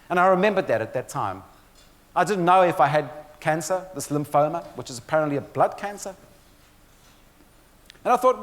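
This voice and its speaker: High-voiced man speaking in reverberant hall. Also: very animated, a little fast, long pauses. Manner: storytelling with dry humor, addresses audience directly. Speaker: motivational speaker. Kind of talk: keynote presentation on stress.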